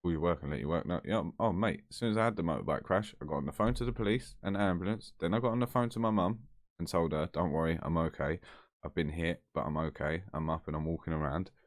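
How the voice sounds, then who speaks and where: A man's voice: deep voice, fast talker, no echo, clean studio sound. A man telling a story to camera in a blunt, chatty, heavily sweary way. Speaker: vlogger.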